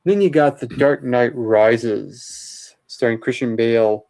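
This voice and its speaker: A man in a casual vlog, going through his movie collection and giving chatty, opinionated takes, often pausing with uh and um. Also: mid-range voice, darkish tone. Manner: chatty, opinionated, with many uhs while listing titles. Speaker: vlogger showing his DVD collection.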